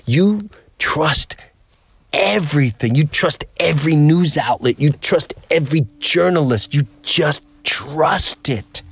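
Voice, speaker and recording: A man's voice: on the high side, lively intonation, slow pace, vocal fry, a bit bright, breathy edge. A man hosting a podcast, talking in an earnest, rambling way and acting out the people he quotes. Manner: acts out quoted voices. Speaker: podcast host. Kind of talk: casual monologue.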